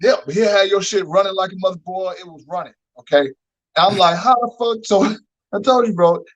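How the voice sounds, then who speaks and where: A man telling animated, profane stories in a casual chat, acting out the people he quotes. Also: high-pitched, a little fast. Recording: dull lo-fi recording.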